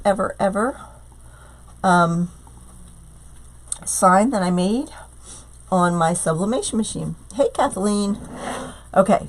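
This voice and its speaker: A middle-aged woman with a hoarse voice from a cold, chatting through a live craft tutorial and greeting viewers by name. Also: fairly low pitch, slight background noise. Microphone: tablet streaming live.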